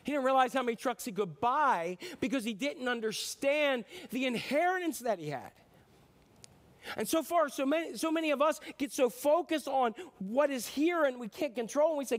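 A man's voice: very high-pitched, expressive, moderate pace. A middle-aged man preaching a sermon in a conversational way, often restarting sentences and acting out short voices in his stories. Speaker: pastor.

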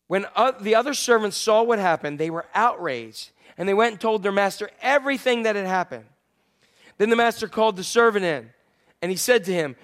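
A male pastor preaching a sermon in a conversational way, asking his congregation questions and moving between loud emphasis and quiet, hushed lines. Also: high-pitched, expressive, fairly quick.

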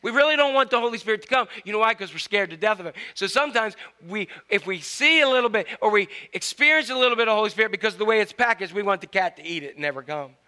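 A man preaching a sermon to his congregation, animated and storytelling. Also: sits high, fast talker, few pauses, clear, resonant tone. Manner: storytelling, animated, with acted-out quotes. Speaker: pastor.

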